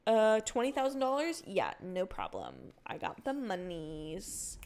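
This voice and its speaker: A young woman chats with her viewers while she plays a cozy game, her talk loose and full of fillers. Her pitch jumps around a lot, and she breaks into excited outbursts. She speaks into a desk mic at her home setup. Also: measured pace, a little hiss or hum. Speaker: game streamer. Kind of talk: casual livestream chat while gaming.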